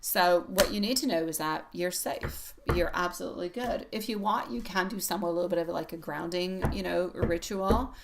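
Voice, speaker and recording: A woman's voice: on the low side, moderate pace, few pauses, background noise. A woman reading tarot on a live stream, chatty and affectionate, laughing often and calling viewers sweetie pie. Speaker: tarot reader.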